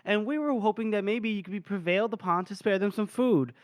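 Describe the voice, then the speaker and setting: A man voicing a sharp-tongued noblewoman who mocks officers, in a high, sarcastic falsetto. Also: fairly quick, no room sound, natural voice. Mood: sweetly pointed.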